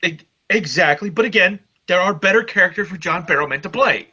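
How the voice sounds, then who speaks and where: A man's voice: sits high, a little fast, pushed and bright, husky. A man co-hosting a casual geek news chat, blunt and profane, joking as he argues. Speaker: co-host. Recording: lo-fi recording.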